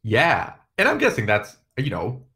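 A man's voice: mid-range voice, huge pitch swings, unhurried, sharp tone. A man co-hosting a stream, chatting casually and profanely, joking and laughing often. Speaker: streamer co-host.

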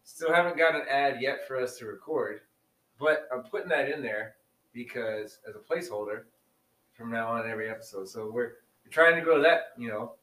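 A man's voice: medium pitch, moderate pace, pushed and bright, distant mic. Casual male podcast co-host, rambly and laughing, a bit off-mic in a roomy space. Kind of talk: casual chat.

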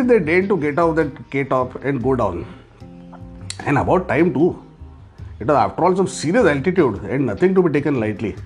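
A man tells a comic travel story with sardonic, profane humour. His pitch sits a little high and moves about freely. Soft guitar music plays faintly underneath. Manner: sardonic, profane, laughs as he talks. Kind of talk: humorous travel narration.

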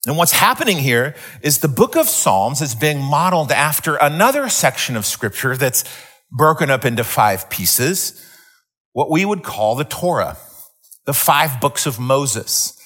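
A middle-aged male pastor delivering a sermon in a voice of ordinary pitch. He tells stories in a loose, rambling way, full of restarts and repeated words. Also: big pitch swings, unhurried, fairly bright tone. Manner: rambling storyteller with many restarts. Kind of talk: sermon teaching.

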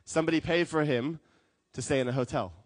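A man preaching a sermon as a pastor, telling stories with lively acted quotes. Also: fairly high pitch, fast talker, dry recording, clean studio sound. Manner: animated storytelling with acted quotes.

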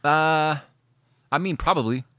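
A man's voice: fairly high pitch, a little slow, a little hiss or hum. A man co-hosting a casual chat, telling stories with laughs and the odd swear word. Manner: laughing, swearing, animated storytelling.

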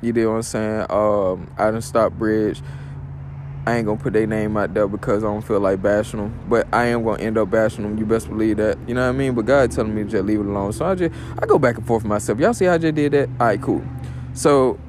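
A man's voice: lowish voice, fast, noisy background. A man hosting his own podcast in a loose, rambling monologue, heavy on slang and fillers. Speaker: podcast host. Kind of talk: casual monologue.

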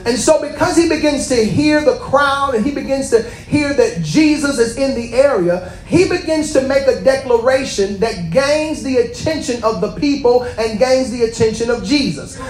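A man preaching a sermon, reading scripture and then exhorting with impassioned, rising shouts. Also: extremely high pitch, moderate pace, few pauses. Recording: echoey room.

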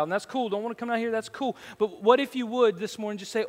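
A man's voice: extremely high pitch, fast talker, hardly any pauses, long reverb tail. A man preaching as a pastor, earnest and rising into fervent prayer, in a church sanctuary. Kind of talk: sermon.

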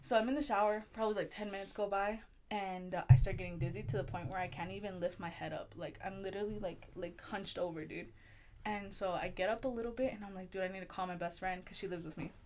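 A young woman telling a personal story in casual chat, animated, swearing a lot and acting out the voices she quotes. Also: medium pitch, fast talker, slight background noise. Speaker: guest storyteller.

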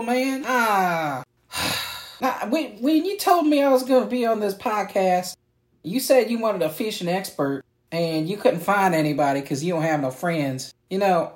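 A loud, cranky redneck cousin, as a woman puts him on, with a pitched-up, indignant voice that keeps rising into shouts. He complains and rants in a drawling country manner through an improvised comedy sketch. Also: lightly acted. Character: loud cranky redneck cousin, grown man, fishing expert.

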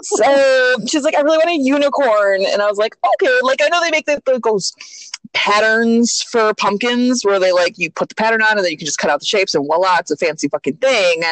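A woman in her thirties, a mother chatting casually with a friend, telling an animated story with acted-out voices, frequent laughs and swearing. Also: medium pitch, brisk, no room sound, low-quality recording. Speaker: mother of two young kids. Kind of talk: casual chat between friends.

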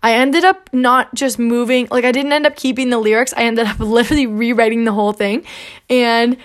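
A woman's voice: on the high side, fairly even intonation, fairly quick. A young woman hosting a podcast, chatting casually and acting out back-and-forth dialogue, with lots of "like". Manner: chatty, peppered with "like", acts out quoted dialogue. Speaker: podcast host. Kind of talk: casual storytelling monologue.

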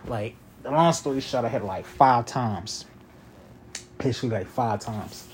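A man's voice: mid-range voice, a little slow, slight background noise. A man in his twenties telling a long story in a casual, rambling and profane way, with constant "you feel me" fillers.

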